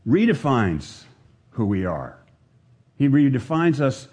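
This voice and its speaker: A pastor preaches to his congregation in an animated sermon, his voice climbing to drive each point home. His tone is mellow and a little husky. He pauses to put questions to the people listening. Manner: animated preaching, rises in pitch to stress points, asks the congregation.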